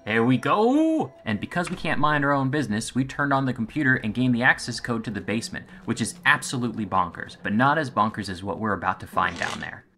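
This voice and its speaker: A man's voice: mid-range voice, expressive, fairly quick, hardly any pauses, pushed and bright, slight background noise. A man doing let's play commentary on a horror game, joking and talking to the game, easily spooked. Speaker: game streamer.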